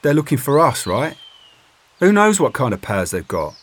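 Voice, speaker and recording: A man's voice: mid-range voice, very animated, normal speed, slight background noise, pitched above the performer's own voice, natural voice. Man playing Alan, a wary young outlaw. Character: wary, quick-witted young male outlaw.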